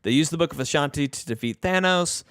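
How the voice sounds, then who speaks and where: A man co-hosting a podcast, casually recapping a film plot in a relaxed, rambling way. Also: on the high side, fast talker, clean tone, dry recording, clean studio sound. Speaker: podcast co-host. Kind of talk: casual movie recap chat.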